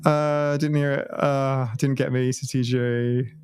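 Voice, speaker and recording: A man's voice: mid-range voice, little pitch movement, slow pace, darkish tone, clean tone, dry recording, clean studio sound, faint music behind. A British man chatting casually on a livestream from home, rambling and laughing often. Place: at home, watching his stream on a TV.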